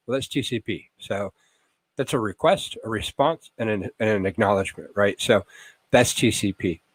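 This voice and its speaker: A man's voice: on the low side, normal speed, husky, no echo, poor audio. A man teaching networking basics in a loose, rambling way, full of fillers and acted-out everyday analogies. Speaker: instructor. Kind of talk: casual tech lecture.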